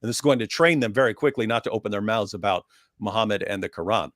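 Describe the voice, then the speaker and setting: A man's voice: lowish voice, fast talker, fairly bright tone, no room sound, studio quality. A man on a call-in livestream panel, making an emphatic argument and often repeating phrases as he builds his point. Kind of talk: livestream discussion, recounting and arguing.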